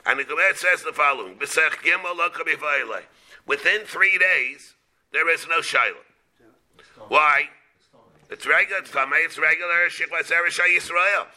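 A man, a rabbi teaching a Talmud class, explaining in a halting way, often repeating words and mixing Hebrew and Aramaic terms into his English. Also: on the high side, bright, forceful tone.

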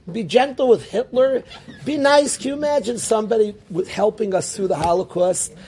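Rebbe guy teaching torah, warm mellow voice, kinda high, asks lots of questions. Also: a little hiss or hum. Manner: animated, rhetorical questions, Yiddish-Hebrew terms. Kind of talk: Torah class.

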